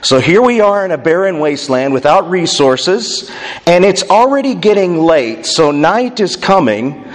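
A man, a pastor with a slightly raised voice, delivering an expository sermon that echoes through a large sanctuary. He drops low and quiet on the words he wants to stress and slows right down to let them land. The long reverb of the hall trails after each phrase. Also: very animated.

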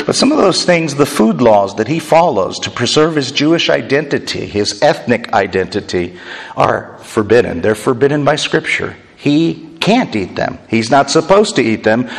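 A man giving a sermon in an animated, joking way, acting out the lines he quotes. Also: medium pitch, creaky, in a large hall. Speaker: preacher.

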